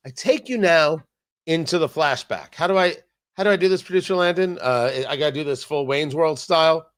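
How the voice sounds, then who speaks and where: A man's voice: on the high side, a little fast. A man hosting a political talk show, delivering an emphatic, sarcastic commentary monologue full of jokey asides. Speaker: radio talk show host.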